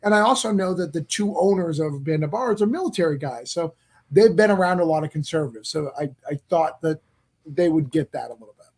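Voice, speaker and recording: A man's voice: a little high, lively intonation, brisk, a little mellow. A man as a podcast guest, chatting casually and explaining things carefully, with frequent stammers and restarts. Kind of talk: casual chat.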